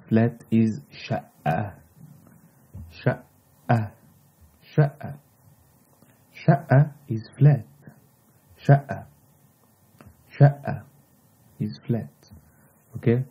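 A man's voice: lowish voice, husky, lo-fi sound. A man from Egypt with an Egyptian accent, teaching vocabulary patiently and repeating each word several times. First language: Egyptian Arabic. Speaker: language teacher. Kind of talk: slow vocabulary lesson with repetition.

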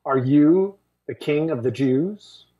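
Reader as a stern Roman governor, church Passion reading, deliberate questioning, distant mic in a roomy hall. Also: medium pitch, dull audio, lightly acted. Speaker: scripture reader. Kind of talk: dramatic scripture reading.

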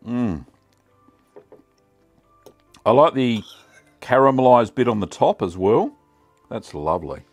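A middle-aged Australian man hosting a casual cooking vlog, chatty and relaxed with many ums. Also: mid-range voice, takes it slowly, pauses often, soft background music. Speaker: cheesemaking channel host.

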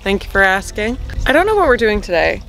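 A woman's voice: medium pitch, big pitch swings, quick pace, creaky, a bit bright. A young woman with a bubbly, giggly, chatty manner, talking casually to a handheld camera for her travel vlog. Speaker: vlogger.

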